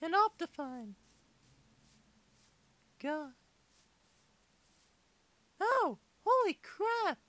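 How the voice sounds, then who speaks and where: Squeaky little boy gamer, whiny and rude; very high, unhurried delivery. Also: very animated, bright, forceful tone, exaggerated voice. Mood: childish. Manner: whiny, silly rambling play commentary. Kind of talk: comedic game play-along.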